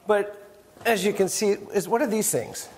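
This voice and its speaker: A man's voice: high voice, moderate pace, noisy background. A man co-hosting a casual workshop show, joking and wisecracking. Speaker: co-host. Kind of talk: casual shop talk.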